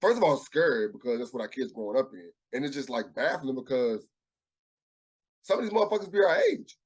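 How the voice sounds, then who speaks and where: A man's voice: mid-range voice, very animated, a little fast, slightly rough. A man co-hosting a casual podcast chat, thinking aloud and reflecting with frequent restarts. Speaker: podcast co-host.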